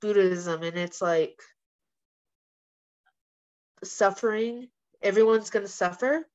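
A slow, slightly mellow, medium-pitched woman's voice belongs to a young professional fighter being interviewed. She chats casually, sharing stories in a candid, animated way with plenty of "like" and a few swear words. The podcast recording is lo-fi and a touch muffled.

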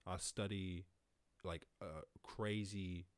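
A man hosting a casual solo podcast, rambling and swearing, laughing often and jumping to loud high exclamations. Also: steady tone, slow pace, no echo. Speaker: podcast host.

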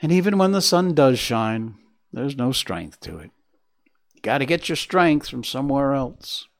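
A man's voice: mid-range voice, very animated, measured pace. A man voicing an anxious, gloomy male oak leaf in a storybook reading, sighing and at times whispering. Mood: worried. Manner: sighing, worried, sometimes whispering.

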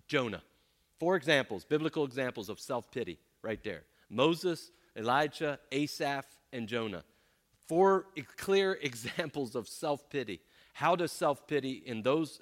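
Animated man teaching a Bible class. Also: mid-range voice. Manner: animated, acts out complaints in voices.

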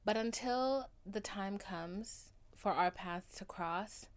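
A young adult woman hosting a solo podcast, talking in an overdramatic, gushing way with free swearing and sudden loud outbursts. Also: medium pitch, slow pace. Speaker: podcast host.

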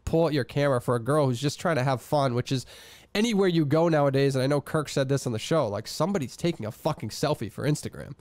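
A man's voice: medium pitch, quick pace, a little mellow, no echo. A man hosting a casual recap podcast, rambling and restarting his sentences. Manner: rambling, repeats words when starting thoughts. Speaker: podcast host recapping a radio show. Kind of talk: casual chat.

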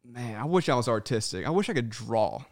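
A man co-hosting a casual podcast, animated and swearing freely, acting out people's voices when he tells stories. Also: mid-range voice, a little fast, no room sound, studio quality. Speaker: podcast co-host.

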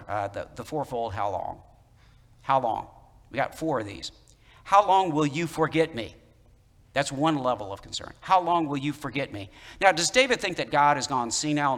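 A man's voice: mid-range voice, fairly bright tone. A man preaching in a reverberant hall. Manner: conversational and emphatic, with repeated key phrases. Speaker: pastor. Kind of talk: sermon.

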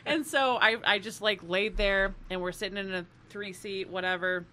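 A woman's voice: medium pitch, fairly even intonation, normal speed, pushed and bright, a little hiss or hum. A woman co-hosting a podcast, telling a travel story in casual chat, laughing often and swearing freely. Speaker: podcast co-host.

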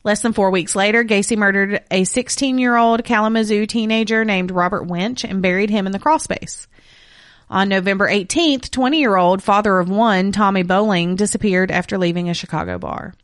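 A woman's voice: mid-range voice, moderate pace, dry recording, studio quality. A woman hosting a true crime podcast, reading case details and breaking off into blunt, profane asides. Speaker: podcast co-host telling the case.

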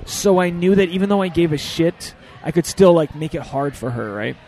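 A man's voice: a little high, moderate pace. A young man, a podcast host and stand-up comic, telling a story in casual, profane chat and acting out the quotes. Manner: animated, profane, acts out quotes.

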